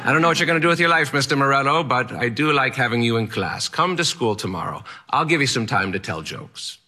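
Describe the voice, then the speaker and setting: A man voicing an eccentric old male Latin teacher with an odd, theatrical accent, gruff but kind. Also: medium pitch, expressive, quick pace, sharp tone, voice pushed up. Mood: encouraging.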